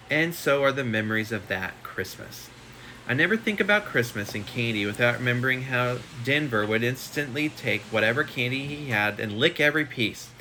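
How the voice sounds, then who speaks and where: Bright-voiced man reading aloud. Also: medium pitch, a little hiss or hum. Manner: reads steadily with chatty asides. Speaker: shop owner reading a book aloud. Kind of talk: casual live read-aloud. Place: home. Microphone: phone.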